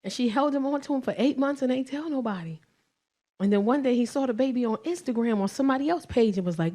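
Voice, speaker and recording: A woman in her forties performing stand-up comedy, telling a story with lots of swearing and sudden loud bursts. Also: fairly high pitch, fast. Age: 40s. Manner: animated storytelling with profanity and bursts of shouting.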